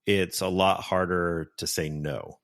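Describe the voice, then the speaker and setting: Brief: male podcast host, very low voice, earnest and advising. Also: fairly even intonation, unhurried, gravelly, a bit bright. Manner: earnest, giving practical advice. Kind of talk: casual podcast conversation.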